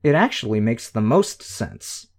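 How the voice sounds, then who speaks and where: A man voicing a smug, sharp-tongued young woman who talks in quick, know-it-all quips. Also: medium pitch, big pitch swings.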